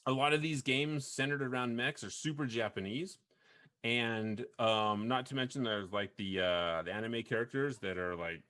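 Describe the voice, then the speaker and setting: A man's voice: mid-range voice, normal speed, bright, forceful tone. Man, podcast host, casual gaming chat, rambling, frequent restarts, laughs easily. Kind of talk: casual chat about video games.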